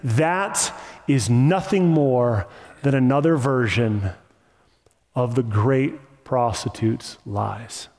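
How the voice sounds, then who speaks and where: A man's voice: mid-range voice, slow pace, a little mellow. Man preaching in a reverberant hall. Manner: impassioned, emphatic repetition. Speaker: pastor. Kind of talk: sermon.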